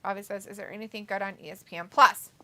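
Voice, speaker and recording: A woman's voice: mid-range voice, fairly even intonation, fast talker, pushed and bright. A woman co-hosting a casual wrestling watch-along live stream, chatting and reading viewer messages aloud in a jokey way.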